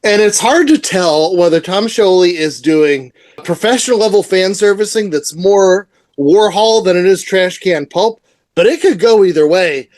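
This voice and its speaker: A man's voice: sits high, normal speed, darkish tone, no echo. Male podcast co-host, gushing and rambling, dry close mic. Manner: enthusiastic, rambling, laughs often. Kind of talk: casual comic book review chat.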